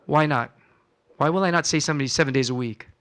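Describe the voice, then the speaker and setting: A man's voice: on the high side, quick pace, fairly bright tone. A man, a physician, giving a conversational health lecture in a church hall, quizzing the audience and acting out talks with patients. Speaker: physician presenting a wellness seminar.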